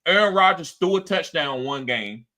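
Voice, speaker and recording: A man hosting a casual sports talk show, animated, acting out quotes in a higher voice and reading chat comments aloud. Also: normal speed. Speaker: podcast host.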